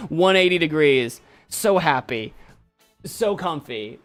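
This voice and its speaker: Man, streamer, playful, jokey, very animated pitch, faint background music. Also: normal speed. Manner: playful, jokey, laughs often. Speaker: streamer host. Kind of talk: casual commentary on viewer photos.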